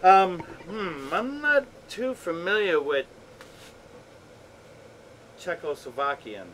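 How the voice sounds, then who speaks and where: A man's voice: sits high, big pitch swings, slow, fairly bright tone, slight background noise, rough recording. A man streaming a game, chatting casually with viewers in a laid-back, playful way and swearing often. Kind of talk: casual chat with chat while gaming.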